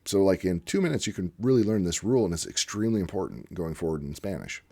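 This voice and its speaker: Male host, very low voice, casual unscripted monologue, rambling and eager. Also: sing-song, fast, gravelly, warm tone. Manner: rambling and enthusiastic, with frequent fillers. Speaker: channel host discussing language teaching; former literacy teacher.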